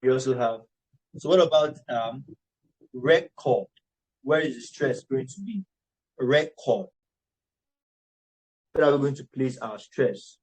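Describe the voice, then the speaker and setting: A man teaching an online English lesson on word stress, slowly repeating words and checking in with "all right". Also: mid-range voice, lively intonation, darkish tone, low-quality recording. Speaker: English tutor.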